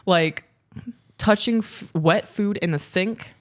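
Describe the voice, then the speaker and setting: A woman co-hosting a relationship podcast, talking casually and earnestly, sometimes halting over words and laughing easily. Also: mid-range voice. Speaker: podcast co-host. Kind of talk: casual podcast chat, reading listener letter.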